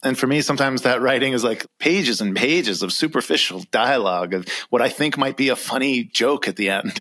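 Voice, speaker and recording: A young adult man with an American accent, reflecting earnestly in an interview with an occasional soft laugh. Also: mid-range voice, brisk. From Iran. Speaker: author and guest.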